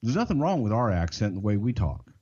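An older man with a Southern American accent, co-hosting a podcast and telling behind-the-scenes stories in a folksy, drawn-out way. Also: fairly low pitch, very animated, a little mellow, slightly rough, muffled recording. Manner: folksy, drawn-out, swears casually. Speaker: podcast co-host. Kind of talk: casual storytelling.

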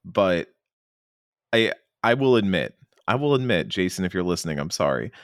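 A man co-hosting a casual podcast chat, enthusiastic and fond of acting out characters in quick silly voices. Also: low voice, very animated, no echo, clean studio sound. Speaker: podcast co-host.

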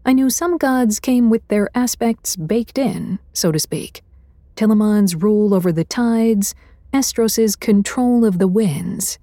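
Slow, husky woman narrator. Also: on the high side, dark tone, no echo, studio quality. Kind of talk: first-person scripted fantasy narration.

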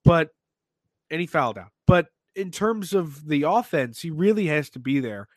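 A man hosting a sports podcast, talking in an animated, excitable way with lots of restarts. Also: on the high side, moderate pace, dry recording. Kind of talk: casual sports talk.

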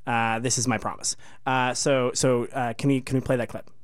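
Smooth-voiced male radio co-host. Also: mid-range voice, little pitch movement, normal speed. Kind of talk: casual radio talk. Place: radio studio.

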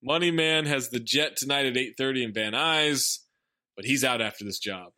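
A man's voice: mid-range voice, normal speed, bright, forceful tone, no echo. A man co-hosting a casual talk show, summarizing a film's plot with dry asides. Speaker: podcast co-host recapping a film. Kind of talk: casual chat, recapping plot.

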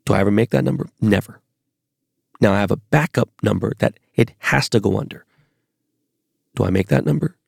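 A man's voice: lowish voice, a little fast, creaky, long pauses, a little mellow, dry recording, studio quality. A man from Los Angeles, perhaps in his forties, telling rambling, profane anecdotes as a podcast host. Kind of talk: casual storytelling monologue.

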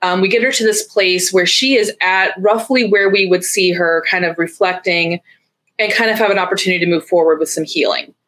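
A woman's voice: lowish voice, a little fast, a bit bright. A woman in a casual podcast chat, critiquing passionately and acting out quoted lines.

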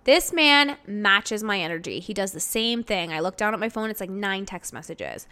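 A woman's voice: medium pitch, very animated, normal speed, pushed and bright. A woman in her thirties hosting a podcast, chatting casually in a rambling way full of "like". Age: 30s. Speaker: podcast host. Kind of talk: casual chat.

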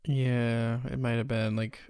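A man's voice: mid-range voice, little pitch movement, a little slow, a little mellow, smooth, dry recording, studio quality. A man in casual chat, swearing freely and laughing at his own jokes.

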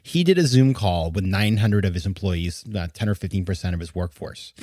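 A man's voice: deep voice, brisk, mellow, no room sound. Indignant male podcast host, dry sound. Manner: indignant, emphatic, laughs in disbelief. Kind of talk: opinionated monologue.

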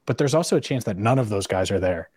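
Dry-sounding podcast host, opinionated. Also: male voice, fairly low pitch, expressive, fast talker, a little mellow, dry recording. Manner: opinionated, thinks aloud with hypotheticals. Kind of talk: casual sports podcast chat.

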